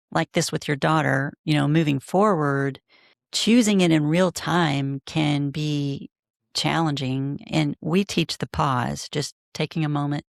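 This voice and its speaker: Woman podcast host with a gravelly voice, asking thoughtful questions on a dry, close mic. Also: low-pitched, no echo. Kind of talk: podcast interview.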